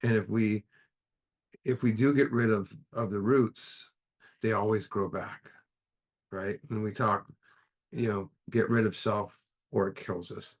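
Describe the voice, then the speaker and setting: A middle-aged man giving a casual spiritual talk at a study group, halting and filling pauses with "you know" as he tells a parable. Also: on the low side, steady tone. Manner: halting, with restarts and many fillers.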